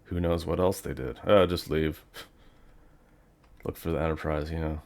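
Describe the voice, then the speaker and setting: A man's voice: extremely low pitch, steady tone, unhurried. A man giving casual, rambling commentary while playing a video game, thinking aloud with plenty of fillers. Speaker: gaming channel host.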